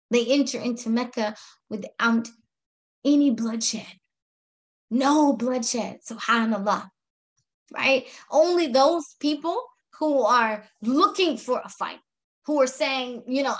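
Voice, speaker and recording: A woman giving an earnest religious history lecture, telling the story with frequent "right?" checks and Arabic phrases. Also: on the high side. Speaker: religious teacher.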